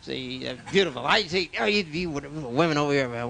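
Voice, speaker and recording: A man's voice: fairly high pitch, sing-song, a little fast, vocal fry, a bit bright, a little hiss or hum. A man doing stand-up comedy on a club stage, firing brash one-liners and teasing the live audience. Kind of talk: stand-up comedy with crowd work.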